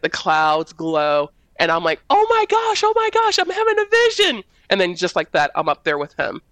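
A woman speaking as a prophet, giving a personal faith testimony in a panel conversation. She tells it as an animated story and acts out the quoted voices in a high tone. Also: no room sound.

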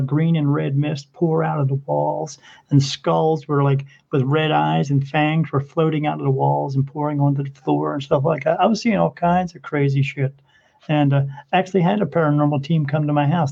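A man telling a paranormal story in casual conversation, animated and acting out the voices of the people he quotes. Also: normal speed, creaky, highs cut off. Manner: animated, acts out quoted voices with rising pitch.

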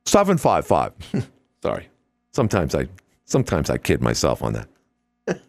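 A man's voice: extremely low pitch, huge pitch swings, a little slow, gravelly. A man hosting a call-in radio talk show, rambling and wisecracking between callers.

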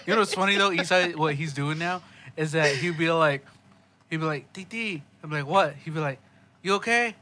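Very bright-voiced man telling a story. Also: fairly high pitch, steady tone, fairly quick. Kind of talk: casual chat.

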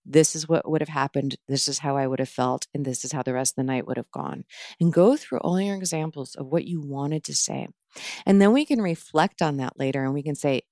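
Low-voiced woman teaching mindfulness. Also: a little fast, no room sound, studio quality. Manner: calm, earnest, explains step by step with many fillers. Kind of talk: casual podcast chat.

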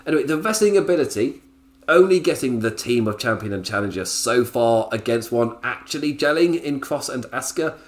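A man's voice: mid-range voice, expressive, brisk. A man hosting a casual solo podcast review, chatty, laughing often and drifting into tangents. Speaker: podcast host reviewing wrestling.

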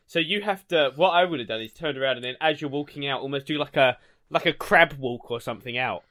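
A man's voice: mid-range voice, fast talker, pushed and bright. A man co-hosting a podcast in casual chat, teasing his friend and swearing freely. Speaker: podcast co-host.

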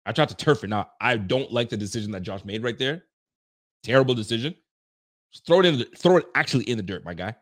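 Excitable man ranting about football. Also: medium pitch, fast. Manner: excitable, ranting, laughs often. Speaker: sports fan commentator. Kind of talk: casual reaction commentary.

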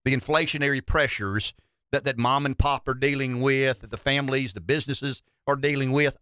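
A man's voice: medium pitch, bright, forceful tone, no echo, studio quality. A middle-aged man hosting a talk radio show, joking and folksy, often repeating words as he gathers his thoughts. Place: radio studio.

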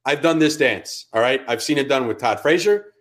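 A man co-hosting a sports podcast, ranting with heat and plenty of swearing. He grew up in Connecticut and talks in a loose, casual chat style, with a voice pitched in the middle range for a man. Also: animated, normal speed. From Connecticut, USA. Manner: profane, ranting, heated. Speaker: podcast co-host.

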